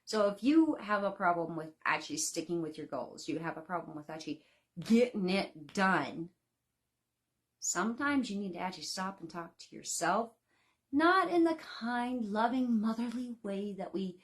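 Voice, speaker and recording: A woman in her thirties talks to her online class from home in a loose, folksy way, full of fillers and easy asides. Her pitch sits in the middle range, and her chat rambles along like she's talking to friends. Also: animated, moderate pace. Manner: chatty, folksy, frequent laughs and fillers. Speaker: baking instructor. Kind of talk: casual live-class talk.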